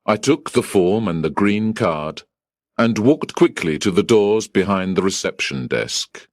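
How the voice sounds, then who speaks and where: A man narrating a folktale in first person, reading a scripted story slowly and deliberately. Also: fairly low pitch, animated, no echo, clean studio sound.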